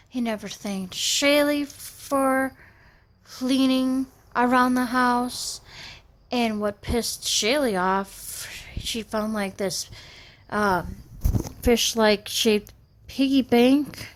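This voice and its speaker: A woman's voice: on the high side, drawn-out words. A woman in her thirties venting in a personal vlog, rambling and aggrieved, restarting her sentences often. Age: 30s. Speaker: vlogger.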